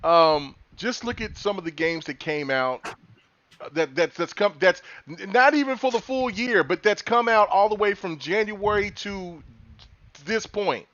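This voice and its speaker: A man hosting a casual gaming podcast, excitable and teasing, often repeating himself as he talks over an online call. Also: sits high, measured pace, lo-fi sound. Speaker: podcast host.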